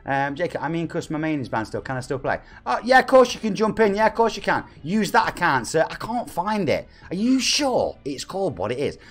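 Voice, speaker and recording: Brief: forties streamer from the East Midlands, pitched a bit high, animated and chatty, gushing thanks to viewers. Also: male voice, fairly quick, few pauses. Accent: East Midlands English. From England. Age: 40s. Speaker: game streamer host. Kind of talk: live stream chat reading donations. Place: home room.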